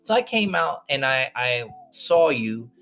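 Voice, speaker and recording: A man's voice: medium pitch, sing-song, a little slow, a bit bright, faint music behind. A man hosting a podcast, telling a personal story to listeners and acting out the voices of people in it. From northern United States. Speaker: podcast host.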